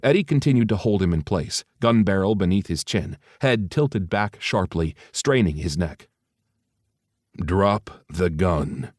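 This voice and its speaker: A man reading an audiobook in steady, even scripted narration. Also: on the low side, moderate pace, few pauses, no room sound, clean studio sound.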